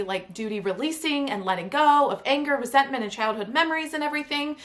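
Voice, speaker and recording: A woman hosting her own podcast, telling a personal story in a chatty, animated way, full of "like" and "right?". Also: high voice, fast. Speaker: podcast host and coach. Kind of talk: casual storytelling monologue.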